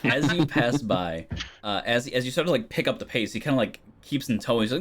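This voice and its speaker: A man narrating as game master of a tabletop game, loose and relaxed with frequent ums. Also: medium pitch, fast talker.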